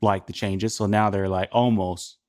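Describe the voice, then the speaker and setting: A man co-hosting a podcast, steering the casual chat back on topic in an unhurried way. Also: lowish voice, little pitch movement, darkish tone, dry recording, studio quality. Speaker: podcast co-host.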